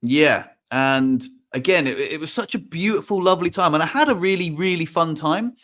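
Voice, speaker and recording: A young man telling a story on a podcast in a slightly high voice. He rambles, restarts his sentences and acts out what people said to him. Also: expressive, normal speed, a bit bright. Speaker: podcast host. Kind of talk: casual chat.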